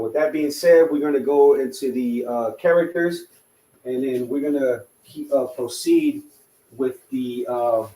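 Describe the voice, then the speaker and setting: A man's voice: medium pitch, warm tone, reverberant, rough recording. Man lecturing, with a rhetorical "right?". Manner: rambling, many fillers and rhetorical "right?". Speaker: language class teacher. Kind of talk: unscripted classroom lecture.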